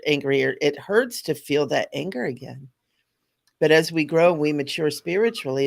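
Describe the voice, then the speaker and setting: A woman's voice: deep voice, creaky. A middle-aged woman, a spiritual teacher, talking earnestly in a casual spiritual chat, laughing often.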